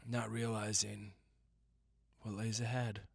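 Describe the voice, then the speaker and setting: A young man hosting a solo podcast, telling rambling jokey stories and breaking into sudden loud yelps. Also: lowish voice, flat delivery, slow, vocal fry, slightly rough, no room sound, clean studio sound. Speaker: podcast host. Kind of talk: casual solo podcast rant.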